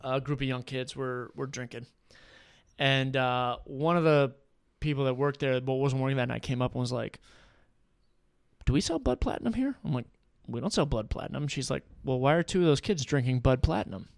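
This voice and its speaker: A man's voice: mid-range voice, brisk, creaky, smooth, no room sound, clean studio sound. A man with a New England accent telling a bartending story in casual, profane chat, acting out the people in it. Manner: animated, profane, acts out voices in stories. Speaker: podcast guest.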